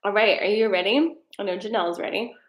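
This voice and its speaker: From her home desk with a treadmill, a woman runs a live-stream tarot card reading, talking fast in a medium-pitched voice. She's chatty and rambling, full of fillers, and a bit winded, with a roomy sound around her.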